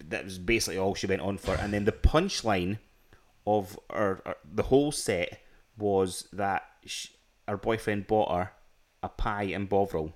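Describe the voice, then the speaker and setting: Scottish man rambling in a lowish voice. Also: fairly even intonation, normal speed. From Scotland. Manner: rambling storytelling with frequent restarts and laughs. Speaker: podcast co-host. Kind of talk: casual chat.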